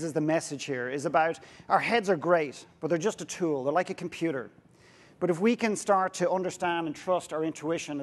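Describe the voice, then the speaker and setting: An Irish man giving a humorous, story-driven talk from a stage to an audience. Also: on the high side. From Ireland. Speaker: speaker. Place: stage before a live audience.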